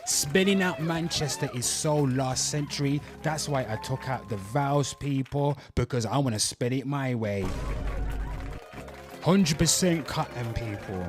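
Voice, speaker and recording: A man's voice: mid-range voice, a little slow, over music. A young man hosting his channel in a brash, crude, repetitive way, hyping merchandise and calling out to viewers. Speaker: host. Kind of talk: brash comedic channel talk.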